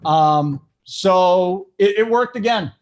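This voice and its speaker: A man hosting a casual sports betting show, hyped and joking as he gives shout-outs. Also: sits high, slow. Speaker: show host.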